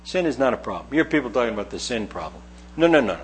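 A man's voice: medium pitch, big pitch swings, racing, a little hiss or hum. An older man preaching a sermon in a folksy, conversational way, acting out quoted voices.

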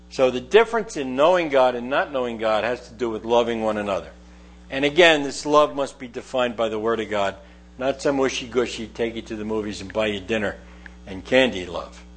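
Earnest preacher man with humming mic. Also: medium pitch. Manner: earnest, emphatic, repeats key phrases. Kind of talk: verse-by-verse sermon. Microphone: lectern microphone. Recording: mains hum in background.

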